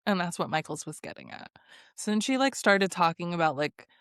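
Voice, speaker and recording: A woman's voice: lowish voice, brisk, no echo, clean studio sound. A woman hosting a podcast, chatting casually and acting out other people's lines with swearing and bursts of laughter. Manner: animated, acts out quotes with swearing and laughter. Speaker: podcast host. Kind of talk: casual reality TV recap chat.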